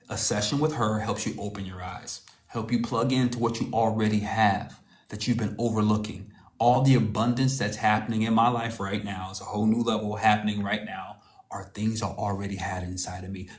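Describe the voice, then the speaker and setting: A man's voice: on the low side, echoey room. A man giving a casual motivational talk, preaching in slangy storytelling and calling the listener cousin. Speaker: motivational speaker.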